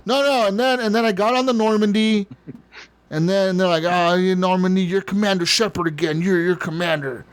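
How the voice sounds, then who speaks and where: A man's voice: high-pitched, normal speed, smooth. A man co-hosting a podcast, telling a long story in casual chat, rambling and profane, often laughing. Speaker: podcast co-host.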